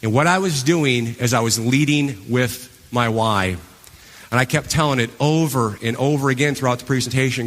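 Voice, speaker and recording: A man giving a live stage talk to an audience, telling his story with animated energy and acting out his past reactions. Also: mid-range voice, moderate pace. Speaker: motivational speaker. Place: large event hall. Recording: long hall reverb.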